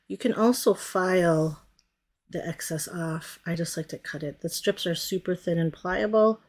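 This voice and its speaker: A woman's voice: lowish voice, measured pace, a little mellow. A woman giving a casual, chatty nail tutorial, describing what her hands are doing and often stopping to correct herself. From United States. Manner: chatty, narrates her hands as she works; often trails off and self-corrects. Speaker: nail product stylist.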